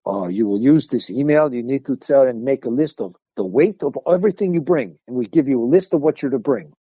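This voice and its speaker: A man's voice: mid-range voice, expressive, fairly quick, warm tone, breathy edge, dry recording. A man voicing a terse, commanding male Russian embassy caller who barks short orders in broken phrasing.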